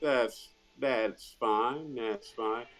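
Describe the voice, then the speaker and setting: A man playing a slow, polite rabbit-folk hero. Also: mid-range voice, fairly bright tone, faint music behind, pitched below the performer's own voice. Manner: courteous and hesitant, many pauses.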